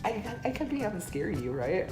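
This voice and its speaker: Young guy telling a spooky story to camera, animated and cussing, music faint behind. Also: high-pitched, fairly quick. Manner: animated, profane, jokey. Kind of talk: casual storytelling.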